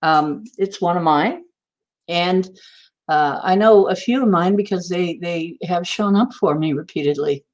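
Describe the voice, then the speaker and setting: A woman's voice: fairly low pitch, unhurried, a little mellow. Rambling woman livestream host. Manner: rambling, storytelling, answers chat viewers. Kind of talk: casual spiritual talk on a livestream.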